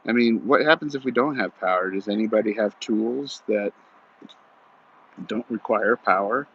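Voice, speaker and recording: A man in his forties telling a story in a rambling, folksy way, outdoors at shooting practice, on muffled audio with loud gunfire. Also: lowish voice, normal speed, background noise. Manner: rambling folksy, many "you know" and "he goes". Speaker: vlogger. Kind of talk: casual storytelling monologue.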